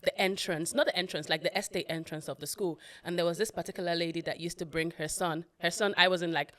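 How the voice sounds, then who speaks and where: A woman's voice: on the low side, fairly even intonation, fast, no room sound. A woman co-hosting a podcast, affirming and telling stories in a casual, heartfelt chat. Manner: warm, affirming, storytelling. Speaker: podcast co-host.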